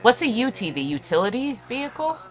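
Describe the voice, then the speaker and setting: A woman's voice: fairly high pitch, sing-song, a little fast. A woman hosting a livestream and chatting casually, loose and profane, with plenty of "like" and "you know" and frequent laughter. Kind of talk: casual chat.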